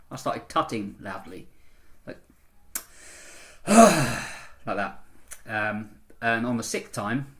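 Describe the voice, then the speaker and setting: A man talking straight to camera in a casual vlog, chatty and rambling, with frequent ums as he reviews a film. His pitch sits in an ordinary middle range. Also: a bit bright.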